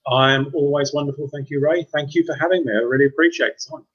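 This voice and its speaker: A man in his fifties, a podcast guest, telling his personal story in a halting, reflective way. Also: fairly high pitch, steady tone, breathy edge, lo-fi sound. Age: 50s. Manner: reflective, halting with repeated restarts. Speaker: guest, mindset coach.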